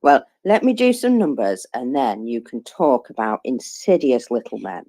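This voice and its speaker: A woman's voice: a bass voice, very animated, moderate pace, mellow. A woman with an English accent, co-hosting an online audio chat and reading out daily figures in a chatty, self-deprecating way. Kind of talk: casual chat.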